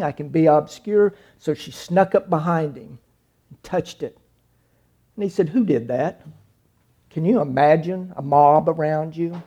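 A middle-aged man preaches a dramatic sermon, acting out scenes and swinging from hushed lines to sudden loud cries. His voice sits on the high side and is husky, unhurried, with long pauses.

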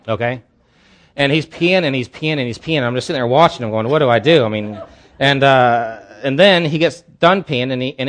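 A man's voice: medium pitch, a bit bright. A man preaching as a pastor at a church service, telling a candid personal story in an earnest way. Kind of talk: sermon.

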